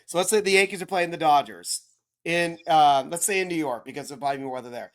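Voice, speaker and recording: A man's voice: a little high, fast, a bit bright. A man casually explaining baseball rules to a beginner, rambling, correcting himself and checking in with his listeners.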